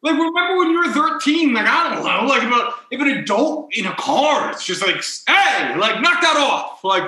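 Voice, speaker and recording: High, bright-voiced young man rambling. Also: animated, brisk, reverberant, low-quality recording. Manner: rambling, heavy on "like", acts out quoted people. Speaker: podcast host. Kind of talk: casual storytelling chat.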